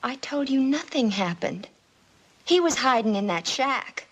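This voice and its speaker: A woman's voice: high voice, big pitch swings, unhurried, exaggerated voice, poor audio. An actress playing a troubled schoolgirl accused of setting fires, pleading and defensive, in 1950s TV drama style. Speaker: daughter Alice.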